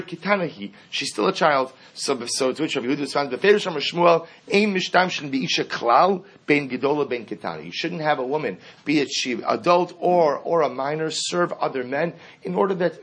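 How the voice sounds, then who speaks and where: A man giving a Talmud lesson, reading Aramaic lines and explaining them in English with lively emphasis. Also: on the high side, breathy edge. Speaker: Talmud teacher. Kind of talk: Talmud class lecture.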